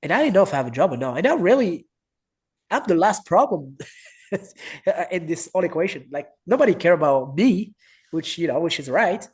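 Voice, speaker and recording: Man, French accent, wrestling coach, casual storytelling, fairly high voice, acts out quotes. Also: normal speed, breathy edge. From France. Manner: animated, acts out quoted voices, broken English.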